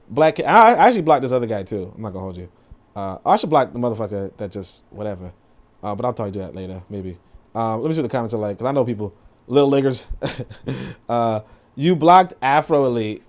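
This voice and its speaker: Animated, fast-swinging male commentator. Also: medium pitch. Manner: animated and profane, reads comments aloud. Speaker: show host. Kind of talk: casual livestream commentary.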